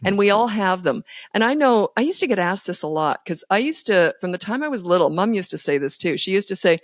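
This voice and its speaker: Woman in her sixties, parenting guest, candid, laughs easily, mid-pitched, dry close sound. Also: expressive, fairly quick, dry recording. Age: 60s. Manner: candid, self-deprecating, laughs often. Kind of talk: casual podcast interview.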